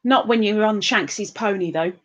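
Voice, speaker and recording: A woman's voice: mid-range voice, normal speed, dull audio. A woman, hosting a livestream and chatting casually as she reads out and greets viewers' comments in a sing-song, giggly way. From England. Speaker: livestream host.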